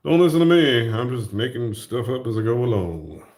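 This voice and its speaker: A man's voice: medium pitch, big pitch swings, normal speed, a little mellow, roomy sound. A middle-aged man chatting casually while he works on a craft project, rambling and joking at his own expense. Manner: rambling, self-mocking, jokey. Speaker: art channel host.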